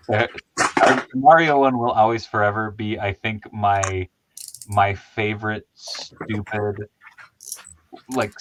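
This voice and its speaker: A low-voiced man chatting casually as a host, rambling through stories and often laughing at his own jokes. Faint clicks sit under his voice. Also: background noise. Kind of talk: casual chat.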